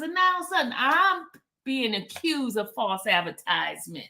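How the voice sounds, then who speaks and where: A woman's voice: on the high side, sing-song, normal speed, pushed and bright. A woman hosting a casual livestream chat, teasing and repeating herself as she reads out viewer comments. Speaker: livestream host.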